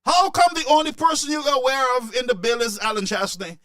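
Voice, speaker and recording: A man's voice: extremely high pitch, a little fast, fairly bright tone, no echo. A man giving impassioned political commentary, emotional and repetitive, stumbling over restarts as he presses his points.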